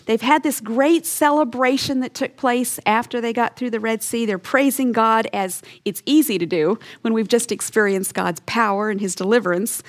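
A woman's voice: a little high, moderate pace, few pauses. A woman teaching a Bible lesson in an earnest, emphatic storytelling way, acting out short quotes as she goes. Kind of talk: teaching sermon.

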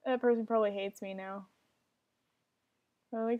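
A woman's voice: a little high, unhurried, pauses often, mellow. A young woman giving casual commentary while playing an online game, often frustrated and swearing at other players. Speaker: gamer.

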